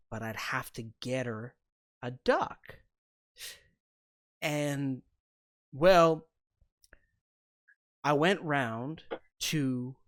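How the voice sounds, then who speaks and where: A man's voice: medium pitch, dry recording, clean studio sound. A man doing a stammering, panicky village busybody. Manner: stammering, repeating words. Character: flustered, panting male village busybody. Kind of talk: tabletop role-play character voice.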